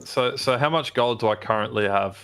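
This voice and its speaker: A man's voice: medium pitch, fairly quick, a bit bright, soft background music. A man playing in a tabletop game, talking bluntly. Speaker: player. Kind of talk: casual game chat.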